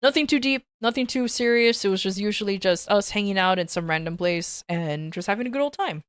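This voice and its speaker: Streamer woman, casual storyteller, lively swooping delivery, frequent restarts, dry sound. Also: mid-range voice, brisk, clean tone, no echo. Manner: rambling, animated, swearing, many restarts.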